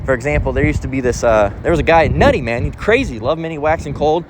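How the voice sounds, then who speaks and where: A man's voice: on the high side, lively intonation, fast talker, noisy background. A man giving an informal spoken sermon, rambling and emphatic, with frequent swearing. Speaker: preacher.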